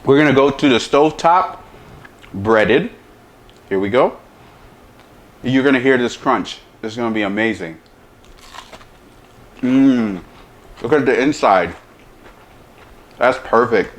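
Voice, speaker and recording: A man hosting a casual cooking demo and taste test, humming over each bite and talking with his mouth full. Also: mid-range voice. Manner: talks with mouth full, lots of savoring hums; slow, relaxed delivery. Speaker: chef, cooking show host.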